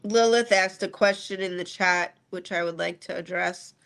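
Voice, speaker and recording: A woman's voice: fairly low pitch, fairly even intonation, normal speed, a bit bright. A woman co-hosting a live online show, patiently explaining practical details in a casual chat. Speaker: co-host.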